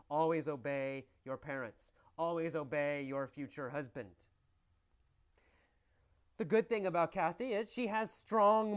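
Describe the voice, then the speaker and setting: Animated male English teacher, lo-fi. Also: a little high. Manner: animated, exaggerated storytelling with repeated questions and answers. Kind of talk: mini-story question-and-answer lesson.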